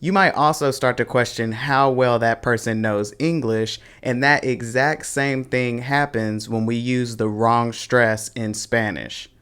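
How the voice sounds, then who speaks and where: A man's voice: medium pitch, steady tone, a bit bright, clear, resonant tone. A man teaching a pronunciation lesson in a scripted video, with a casual slangy manner. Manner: casual slangy, slow and deliberate. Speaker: Spanish teacher.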